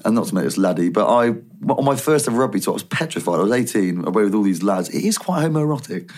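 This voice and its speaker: A man's voice: on the low side, lively intonation, quick pace, a little mellow. A man in a casual podcast chat, joking and mocking himself as he talks. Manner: jokey, self-mocking banter. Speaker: podcast co-host.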